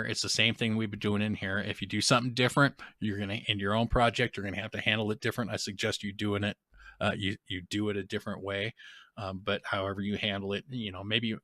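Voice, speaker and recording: A man's voice: fairly low pitch, bright, forceful tone, dry recording, studio quality. A man giving a live-streamed game development tutorial, talking loosely with many restarts and fillers. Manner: rambling, restarts and fillers, informal grammar.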